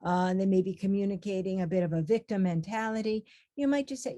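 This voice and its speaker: A woman with a mellow, warm voice calmly teaches parents in a webinar chat. She gives example phrases for them to say. The sound is close and dry. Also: mid-range voice, quick pace, no room sound.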